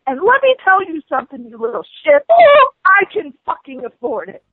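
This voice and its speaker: A woman's voice: high-pitched, very animated, moderate pace, dry recording. A woman angrily complaining on a phone call, indignant and swearing. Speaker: prank call target, angry customer. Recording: tinny phone line.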